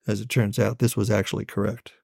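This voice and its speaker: A man, a storyteller, telling a family story in an unhurried, wry way. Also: lowish voice, little pitch movement, vocal fry, darkish tone, husky, no room sound, studio quality.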